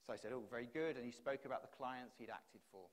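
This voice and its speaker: A man's voice: mid-range voice, quick pace. A man giving a keynote speech at a conference, building his points through repeated rhetorical questions into a stage microphone. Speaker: conference speaker. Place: conference hall.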